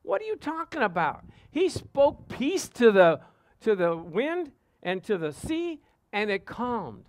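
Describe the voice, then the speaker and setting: Male pastor, high voice, dry close sound, lively preaching with stories and amens. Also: takes it slowly, no echo. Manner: animated storytelling, asks congregation "Amen?". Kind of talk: sermon with personal stories.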